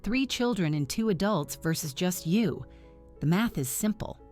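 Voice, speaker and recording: A woman's voice: fairly low pitch, expressive, unhurried, a little mellow, soft background music. A woman reading the part of an impatient, scolding middle-aged mother in a spoken story.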